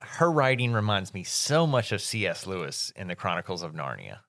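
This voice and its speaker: A man's voice: low-pitched, very animated, moderate pace, fairly bright tone, no room sound. A man co-hosting a podcast, chatting in an easygoing, musing way with jokey asides about a book. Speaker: podcast co-host. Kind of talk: casual book discussion.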